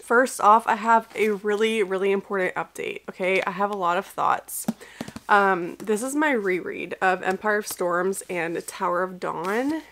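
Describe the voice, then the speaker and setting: A woman's voice: medium pitch, a bit bright. Young woman book vlogger, casual rambling delivery with fillers, just recovering from being sick. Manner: chatty, rambling, lots of fillers and restarts. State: recovering from illness, tearful at times. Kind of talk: casual vlog chat.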